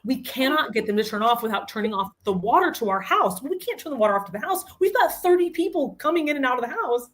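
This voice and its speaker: A woman guest on a podcast, telling a funny story in casual chat with lots of laughter and quick asides. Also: high-pitched, big pitch swings.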